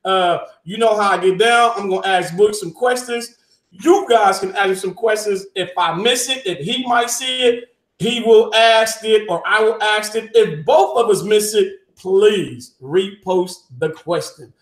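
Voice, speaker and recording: A man's voice: high-pitched, unhurried, roomy sound. A man hosting a live stream interview, hyping his guest and asking viewers to like and post questions. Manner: hypes the guest, asks viewers to engage. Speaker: host.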